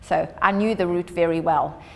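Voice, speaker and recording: A woman's voice: fairly low pitch, fairly even intonation, normal speed, vocal fry, darkish tone. Woman giving an upbeat address. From South Africa. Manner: earnest, upbeat storytelling. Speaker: Australia Day ambassador. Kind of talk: prepared public address. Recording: long hall reverb.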